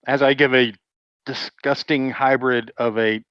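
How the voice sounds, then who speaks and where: A man's voice: mid-range voice, steady tone, measured pace, clear, resonant tone, no echo. Man, tabletop player, casual, dull dry sound. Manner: casual, describing actions. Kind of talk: tabletop game talk.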